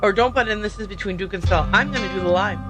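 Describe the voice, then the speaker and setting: A woman's voice: mid-range voice, racing, over loud music. A woman streamer reading a narrative game aloud, making joking asides and correcting her own slips. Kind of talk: game livestream commentary.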